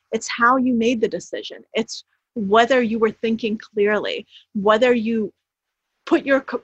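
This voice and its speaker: A woman's voice: mid-range voice, breathy edge, dry recording. A woman, an author being interviewed, explaining her points emphatically, often restarting her phrases as she goes. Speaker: author guest. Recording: dull, slightly lo-fi sound.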